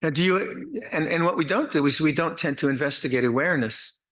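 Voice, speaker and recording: An older monastic teacher, his voice expressive and on the high side, gives a slow, reflective dharma talk in a retreat meditation hall. He guides listeners through meditation, often restarting phrases and adding gentle humor.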